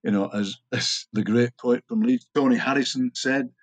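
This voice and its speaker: A husky-voiced man with a Yorkshire accent chats as a guest and tells anecdotes at a middling pitch. He lingers fondly over words and plays with them, switching into quick asides. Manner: animated storyteller, playful with words. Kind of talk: casual conversation.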